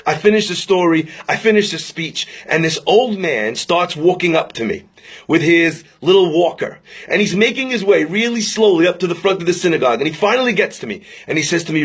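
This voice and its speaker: A young man, a rabbi, giving an inspirational talk. He tells stories dramatically and slows down on the key phrases. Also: a little high, lively intonation, slightly rough. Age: young adult. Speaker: rabbi and speaker.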